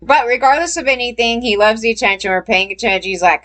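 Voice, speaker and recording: A woman's voice: on the high side, quick pace, fairly bright tone. A woman hosting a casual commentary channel, talking bluntly and chattily to her viewers with plenty of fillers and some swearing.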